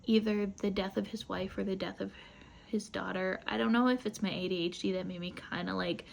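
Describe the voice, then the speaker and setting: A woman's voice: mid-range voice, fairly even intonation, brisk, gravelly, slight background noise. A woman casually recapping a novel for her book club, chatty and rambling with asides.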